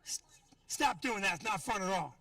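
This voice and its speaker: A man's voice: high voice, lively intonation, normal speed, sharp tone, far from the mic. A middle-aged man doing a stand-up set in a comedy club, brash and profane as he teases the crowd. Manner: brash, profane, teasing the audience.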